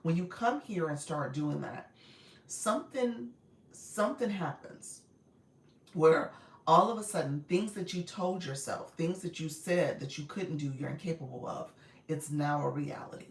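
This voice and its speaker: A woman with a naturally raspy voice, a bit strained today, hosting a casual live stream and greeting viewers warmly. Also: low-pitched, unhurried. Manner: warm, encouraging, greets viewers often. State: voice a little strained. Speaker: live-stream host and coach. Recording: echoey room.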